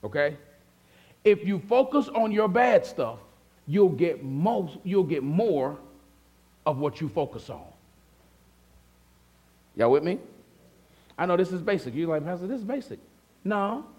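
A man's voice: a little high, lively intonation, slow pace, long pauses, lo-fi sound. A male pastor preaching a sermon in a conversational way, often asking the congregation questions and acting out their replies. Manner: acts out listeners' replies in a softer voice.

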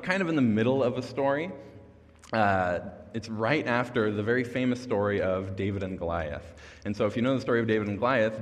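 A young man giving a casual youth sermon as a youth pastor, chatty and self-deprecating, chuckling between thoughts. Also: on the low side. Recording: long reverb of a large hall.

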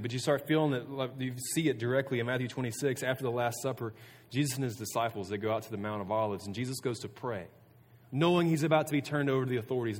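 A youth pastor giving a casual sermon to students, earnest and conversational, often restarting sentences. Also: male voice, mid-range voice, slight background noise. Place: room with a student audience. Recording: long reverb of a hall.

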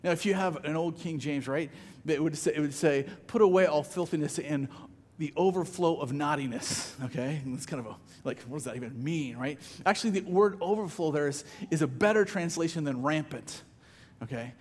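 A man's voice: fairly high pitch, a little fast, darkish tone, long reverb tail. A man preaching a sermon as pastor, conversational, often repeating words as he starts a phrase.

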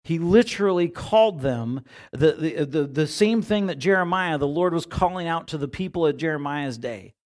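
A man's voice: on the high side, expressive, moderate pace, darkish tone. A man preaching a sermon as pastor in a church, talking in a conversational way and often repeating words as he searches for phrasing. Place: church sanctuary.

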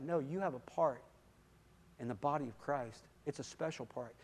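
A man giving a sermon testimony, swinging from quiet, intimate moments to loud, emphatic calls, with repeated "come on" and "listen". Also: medium pitch, animated, moderate pace. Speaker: guest speaker giving testimony.

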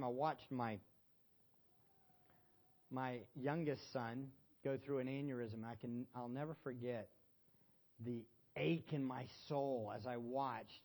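In a church, a middle-aged pastor with a medium-pitched voice preaches, alternating between loud exhortation and hushed emotion. He also puts questions to the congregation.

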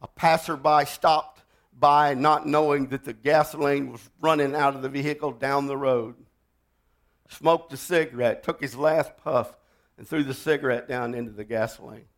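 A man preaching a sermon, telling stories dramatically and swinging from loud to hushed. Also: medium pitch, fairly even intonation, moderate pace. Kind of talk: sermon storytelling.

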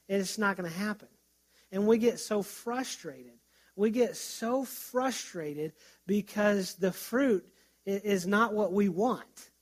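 A middle-aged man, a pastor, preaching in a conversational way and telling stories, with frequent restarts. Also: high-pitched. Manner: conversational, storytelling with self-restarts. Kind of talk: sermon.

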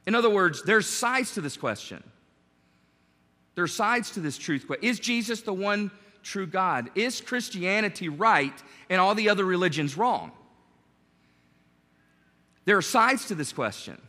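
A man preaching a sermon as pastor, animated and conversational, joking with his congregation. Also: sits high, unhurried, pauses often, big-room sound.

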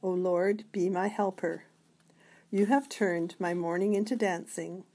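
A woman reading scripture passages aloud in a measured way, sometimes stumbling over a word. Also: fairly low pitch, fairly even intonation, a little mellow. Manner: measured reading with occasional slips. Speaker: scripture reader.

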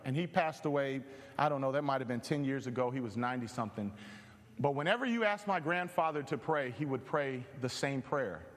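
Animated joking preacher in an echoey hall. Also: male voice, medium pitch, brisk. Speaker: pastor. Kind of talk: sermon.

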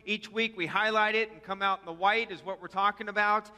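A man's voice: sits high, steady tone, brisk, bright, forceful tone. A senior pastor giving a conversational sermon to his congregation, with fillers and calls to repeat after him. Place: church sanctuary. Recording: long hall reverb.

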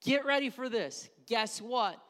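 Pastor, male, high voice; emphatic sermon delivery with repeated key words, long hall reverb. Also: animated, unhurried, a bit bright. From Wisconsin.

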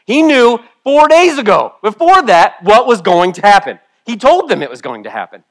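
A man preaching a sermon and reading scripture, tearful at times, with his voice swinging from hushed to loud and emotional. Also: a little high, sing-song, normal speed. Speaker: pastor. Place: church room with a congregation.

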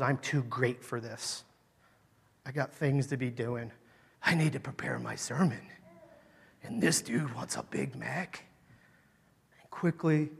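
A man preaching a sermon, telling a story with lively emphasis that swings between loud, emphatic lines and quiet, soft ones. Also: medium pitch, husky. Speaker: pastor. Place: church sanctuary. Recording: long hall reverb.

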